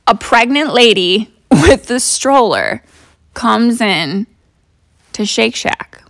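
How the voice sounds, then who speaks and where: A woman's voice: a little high, expressive, slow, fairly bright tone, dry recording, clean studio sound. A young woman hosting a podcast, telling stories in a chatty, profane way with lots of fillers. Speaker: podcast host. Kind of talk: casual storytelling.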